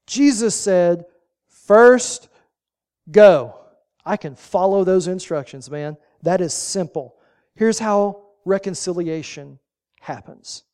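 A pastor delivers a sermon with a warm, mellow tone. The delivery is folksy and emphatic, with casual asides. Short commands are repeated to drive each point home. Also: medium pitch, unhurried.

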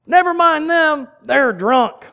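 A man's voice: extremely high pitch, lively intonation, takes it slowly, creaky, pushed and bright, voice pushed up, exaggerated voice. A man doing a put-on hillbilly voice as a jeering male heckler in a crowd, with a mocking rural Southern drawl.

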